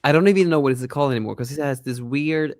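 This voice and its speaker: A young man chatting on a podcast who rambles excitedly, laughs often and keeps losing track of names. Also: mid-range voice, quick pace, no room sound, clean studio sound. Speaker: podcast co-host, app developer. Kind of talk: casual podcast chat.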